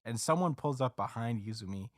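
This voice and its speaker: A man hosting a podcast, casually recapping a story with lots of fillers and quick acted quotes. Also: medium pitch, expressive, dry recording, studio quality. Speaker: podcast host recapping a manga chapter. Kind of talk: casual chat.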